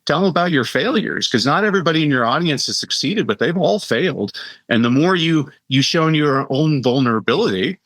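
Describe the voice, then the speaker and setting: Animated man telling stories, dry sound. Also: fairly high pitch, no echo. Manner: animated storyteller, quick asides and impressions. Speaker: guest, educator and keynote speaker. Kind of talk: conversational podcast interview.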